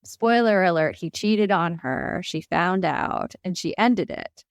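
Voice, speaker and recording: A woman's voice: fairly low pitch, takes it slowly, no room sound. A woman co-hosting a casual parenting podcast, telling stories and acting out what parents say, on a close mic. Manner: storytelling, acts out quoted parents. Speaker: podcast co-host.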